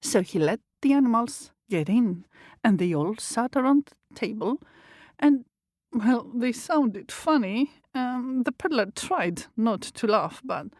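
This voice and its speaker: Lively woman telling a children's story. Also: fairly high pitch, a little slow, no echo, studio quality. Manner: lively, addresses young listeners.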